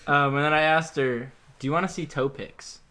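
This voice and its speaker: A man's voice: fairly high pitch, fairly even intonation, moderate pace, noisy background. A young man co-hosting a casual podcast chat, giggling as he reads messages aloud with amused asides. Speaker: podcast co-host.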